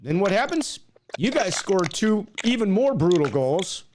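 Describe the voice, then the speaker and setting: A man's voice: sits high, sing-song, a little slow, noisy background. Chatty male talk show host. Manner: chatty, stumbling restarts, teasing. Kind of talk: casual chat on a live stream.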